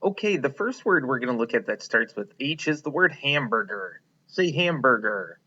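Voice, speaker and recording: A man's voice: medium pitch, big pitch swings, normal speed, sharp tone, muffled recording. A man teaching a phonics lesson to young children, patient and encouraging, asking them to repeat words after him. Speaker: kindergarten teacher.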